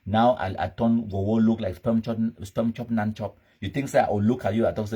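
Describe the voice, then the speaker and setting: A man's voice: fairly low pitch, steady tone, brisk, hardly any pauses, dark tone, breathy edge. A man speaking Cameroonian Pidgin English, hosting a live commentary show in an emphatic, scornful, ranting manner. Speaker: host.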